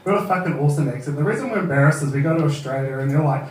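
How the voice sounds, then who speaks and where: A man's voice: fairly high pitch, rapid-fire, slight background noise. A man in his thirties with a New Zealand accent, doing a casual, sweary stand-up set and laughing at his own jokes at an open mic. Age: 30s. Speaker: stand-up comedian. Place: open mic comedy venue. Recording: echoey room, heard from far off.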